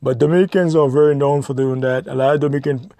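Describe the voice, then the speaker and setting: A man's voice: medium pitch, steady tone, quick pace, dark tone, no echo. A man giving blunt, lecturing advice in an opinionated monologue, repeating his points.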